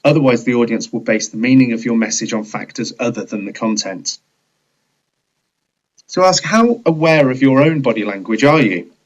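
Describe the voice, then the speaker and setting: A man narrating a scripted leadership training video in a measured, explanatory way. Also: medium pitch, lively intonation, muffled recording.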